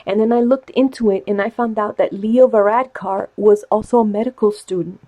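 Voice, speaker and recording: Woman, casual vlog monologue, excitable, insistent, repeats herself. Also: mid-range voice, fairly quick. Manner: excited, insistent, gets worked up; animated, repeats herself for emphasis. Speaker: tarot and cup reader.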